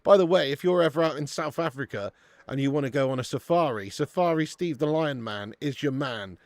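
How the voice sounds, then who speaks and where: Male streamer, casual banter, excitable shout-outs, dry close mic. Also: mid-range voice, a little fast, dry recording. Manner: excitable, laughs often, bursts of shouting greetings. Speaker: football watch-along host. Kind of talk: casual live-stream chat.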